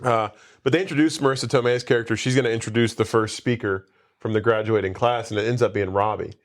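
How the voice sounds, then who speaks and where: A man's voice: lowish voice, fairly even intonation, quick pace. A man casually retelling a movie plot on a podcast, rambling with many asides and quoted lines. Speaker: podcast co-host. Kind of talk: casual movie recap chat.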